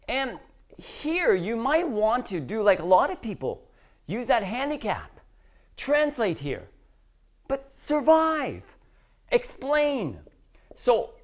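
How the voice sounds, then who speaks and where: Woman teacher going over english phrases, slow and really lively up and down. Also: a little high. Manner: animated, emphatic, acts out dialogues. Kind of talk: classroom lesson.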